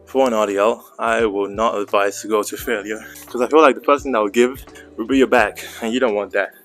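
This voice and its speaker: A man's voice: lowish voice, fairly even intonation, a little fast, fairly bright tone, faint music behind. A young man talking between heavy gym sets, out of breath, mixing jokey asides with training tips in a casual vlog style. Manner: joking, chatty coaching asides. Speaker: fitness vlogger. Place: indoor private gym.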